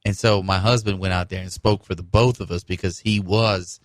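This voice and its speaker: A man co-hosting a radio show, bantering in a relaxed, joking way. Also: low voice, normal speed, no room sound. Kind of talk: casual political chat.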